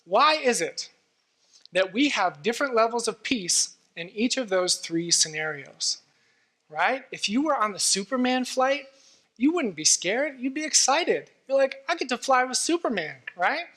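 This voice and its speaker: A man's voice: very high voice, lively intonation, unhurried, sharp tone. A man giving a sermon as guest preacher in a church, earnest and conversational, with frequent fillers.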